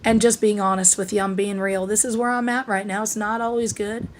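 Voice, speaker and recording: With slight background noise behind her, this middle-aged vlogger speaks in a flat, brisk, mid-range voice. Her tone is candid and confiding as she addresses viewers, breathless and tired-sounding, cursing openly and losing her thread before restarting.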